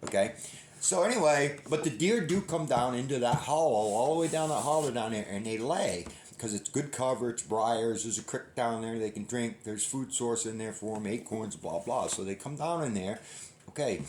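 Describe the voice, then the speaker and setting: A middle-aged man spins a long folksy story, looping back and restarting his sentences as he goes. His voice sits at an ordinary pitch. The room around him adds a noticeable echo. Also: expressive, moderate pace, a little mellow, a little hiss or hum. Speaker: hunting channel host. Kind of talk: casual rambling storytelling. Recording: roomy echo.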